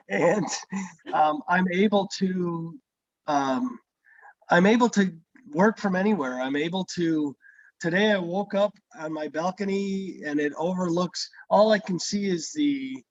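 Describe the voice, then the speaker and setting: A middle-aged man hosting a video call, relaxed and reflective, pausing often with "um". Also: sits high, dry recording, muffled recording. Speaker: host. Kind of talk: casual chat on a video call.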